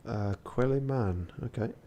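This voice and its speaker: A man's voice: a little slow, mellow, slight background noise. A tired man, a streamer muttering casual gameplay commentary, swearing now and then. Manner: low-key muttering, swears often. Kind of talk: casual gameplay commentary, reading game text aloud.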